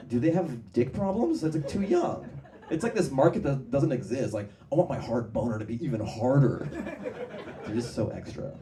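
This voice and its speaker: A man's voice: mid-range voice, warm tone, roomy sound. A man doing a stand-up comedy set on a club stage, rambling through tangents and laughing at his own jokes. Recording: distant mic, noisy live room.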